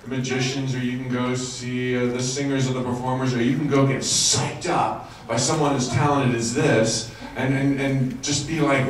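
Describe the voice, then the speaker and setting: A man's voice: mid-range voice, level tone, moderate pace, few pauses, slight background noise. A man hosting a conference panel, joking with the crowd and reading out speaker introductions. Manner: enthusiastic, joking, reading bios. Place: conference hall. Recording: echoey hall, distant mic, crowd.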